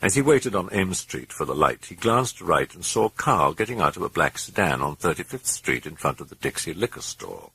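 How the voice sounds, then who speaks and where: A grave male narrator with a very deep, gravelly, husky voice and a lively, expressive pitch. He tells the story in a measured, ominous way, recorded close and dry. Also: dry recording. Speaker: audiobook narrator. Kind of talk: dramatic audiobook narration.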